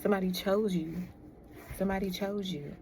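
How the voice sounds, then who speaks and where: A woman's voice: medium pitch, steady tone, a little fast, gravelly, a little mellow, slight background noise. A woman giving a casual tarot reading, chatty and laughing often as she talks to viewers. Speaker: tarot reader.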